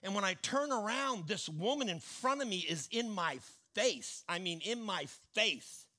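A male preacher delivering a sermon in a high, bright voice. He tells stories in hushed asides, then rises into loud declarations. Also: animated, a little slow.

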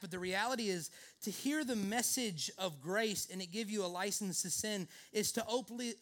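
A man's voice: high-pitched, a bit bright. A male pastor preaching a sermon in an earnest way, leaning often on the word "actually".

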